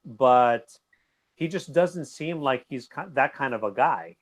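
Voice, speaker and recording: A man guesting on a boxing talk show, rambling in an animated way and laughing easily. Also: medium pitch, a little slow. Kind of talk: casual boxing recap chat.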